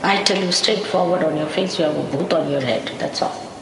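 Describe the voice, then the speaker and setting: A woman's voice: lowish voice, brisk, vocal fry. A woman gives a spiritual talk in a wry, storytelling way, chuckling now and then. Her voice rings around a large hall with a long tail of reverb. A faint hiss runs under the old tape. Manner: anecdotal, wry, with small laughs. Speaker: spiritual teacher. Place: lecture hall in London.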